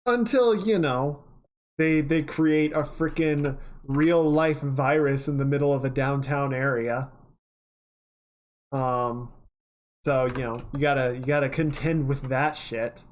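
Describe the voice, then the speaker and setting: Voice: medium pitch, slow. A livestreamer in casual chat while working, rambling and chatty, swearing offhandedly now and then.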